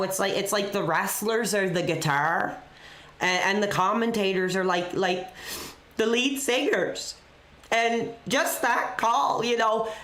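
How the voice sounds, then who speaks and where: A woman's voice: medium pitch, a bit bright. Woman, live-stream wrestling host, loose rambling delivery, echoey room. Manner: rambling storyteller with constant "you know". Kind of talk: off-the-cuff live-stream chat.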